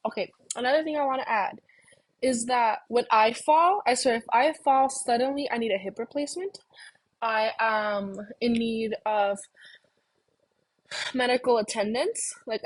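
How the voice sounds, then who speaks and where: A young woman vlogger telling a story in a rambling, self-deprecating way, swearing casually, with a husky voice. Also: a little high, poor audio.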